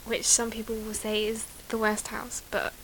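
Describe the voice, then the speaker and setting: A woman's voice: fairly high pitch, monotone, normal speed, fairly bright tone, husky, low-quality recording. A woman chatting as a guest on her sister's podcast, giggly and rambling. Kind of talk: casual chat.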